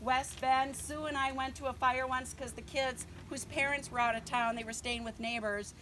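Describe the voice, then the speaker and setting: An older woman speaks at her book launch party in a high, slightly bright voice with fairly even intonation and a moderate pace. Chatty and nervous, she thanks family and friends, laughing often and filling her casual speech with lots of ums. The recording is rough, with slight background noise.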